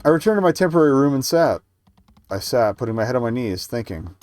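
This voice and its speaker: A man's voice: mid-range voice, very animated, fast, a little mellow. A man reading a story game's dialogue and narration aloud, stumbling and correcting himself now and then. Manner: reads plainly, small stumbles and self-corrections. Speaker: streamer reading a game demo aloud.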